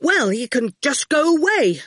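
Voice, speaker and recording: A sulky schoolboy who snaps when cornered, as a woman reading the story puts him on. The delivery is lively and close to the mic. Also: sits high, unhurried, no echo, voice pushed up, full character voice. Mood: snappish. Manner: sulky, snappish. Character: grumpy schoolboy, big for his age.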